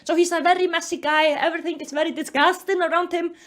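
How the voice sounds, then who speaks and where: A woman doing a sarcastic, animated book review commentary with mocking, exasperated outbursts. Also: extremely high pitch, fast talker.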